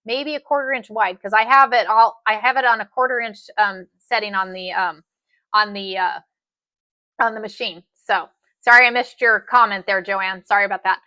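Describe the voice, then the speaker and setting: A woman walks viewers through a sewing project in a live tutorial, chatty and folksy. Her voice is bright and slightly high, recorded close and dry. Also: dry recording. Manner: chatty, says "y'all" a lot. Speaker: sewing instructor.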